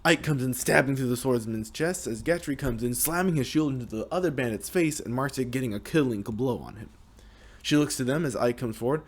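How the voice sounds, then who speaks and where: A young man casually narrating the story of a video game, with restarts and a lively manner. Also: medium pitch, a little fast. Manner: lively, hesitant retelling with restarts.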